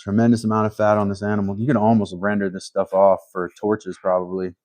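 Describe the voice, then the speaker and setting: A man hosting a casual live stream, thinking aloud while he works, humble and a little halting, with frequent restarts. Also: fairly low pitch, little pitch movement, darkish tone, no room sound.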